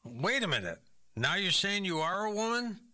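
Man, game show host, very bright tone, slightly high pitch, probing questions, puzzled reactions. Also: sing-song, normal speed. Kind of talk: comic radio game show hosting.

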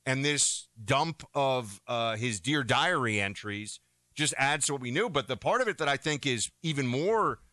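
A man's voice: mid-range voice, animated, moderate pace, bright, forceful tone, no room sound. A man co-hosting a talk radio show, delivering heated, emphatic and mocking commentary.

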